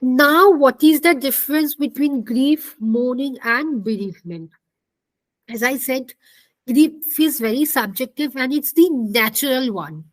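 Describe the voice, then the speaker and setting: Instructor: woman, high pitch, repeats her points, dry close sound. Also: expressive, unhurried, no room sound, rough recording. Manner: explanatory, repeats key points, asks the class questions. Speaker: counselling instructor. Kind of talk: online class lecture.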